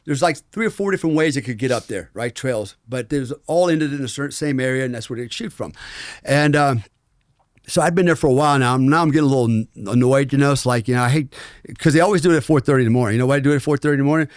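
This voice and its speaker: A man's voice: mid-range voice, very fast, no room sound, clean studio sound. A middle-aged American man, a former special forces soldier, telling war stories as a podcast guest in a frank, rambling way with many fillers. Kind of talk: storytelling in a conversational interview.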